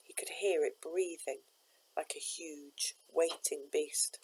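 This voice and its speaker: A woman, a teacher, reading a children's novel aloud with steady, expressive narration. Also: low voice, slow, husky, poor audio.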